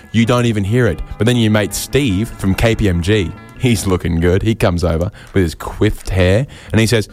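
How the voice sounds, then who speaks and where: A man doing an absurd stand-up set, rambling and deadpan, often interrupting himself. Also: on the low side, moderate pace, no echo, soft background music. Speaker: stand-up comedian.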